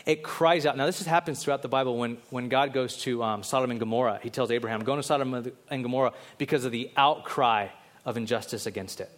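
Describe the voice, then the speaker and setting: A man preaching a sermon, swinging between loud, urgent exhortations and low, intense stretches. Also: fast. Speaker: pastor.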